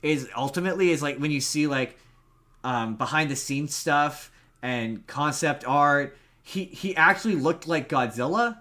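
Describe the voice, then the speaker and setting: In an unhurried way, this man with a fairly high, sharp-toned voice co-hosts a podcast remotely, chatting about movies with lots of restarts, fillers and rambling.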